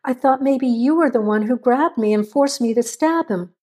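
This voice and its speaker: A woman's voice: high voice, moderate pace, mellow, voice pushed up. A woman voicing an anxious young woman who pleads and gets defensive.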